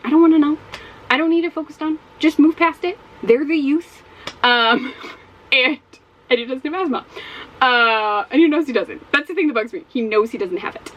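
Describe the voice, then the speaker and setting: A woman's voice: fairly high pitch, fairly bright tone, low-quality recording. A woman chatting casually in a reading vlog at home, rambling and exclaiming, repeating her points. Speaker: book vlogger. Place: home with dogs.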